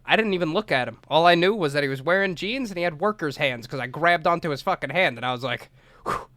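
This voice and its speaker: A man's voice: on the high side, fast, sharp tone, no room sound. A man co-hosting a podcast, telling a story in casual chat, acting out the quotes, swearing freely and laughing often. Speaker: podcast co-host.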